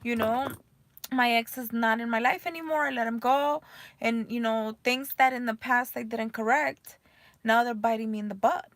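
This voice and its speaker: A woman's voice: fairly high pitch, fairly even intonation, normal speed, dry recording. A woman in her thirties, a mother, talking candidly in a rambling personal vlog full of fillers. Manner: emotional, voice rising and cracking near tears.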